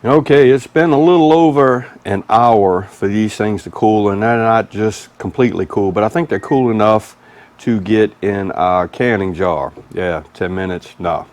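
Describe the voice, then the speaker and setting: A man's voice: fairly low pitch, moderate pace, a little mellow. A man with a Mississippi Southern accent hosting a casual cooking vlog in a folksy, easygoing, chatty way. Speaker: cooking channel host.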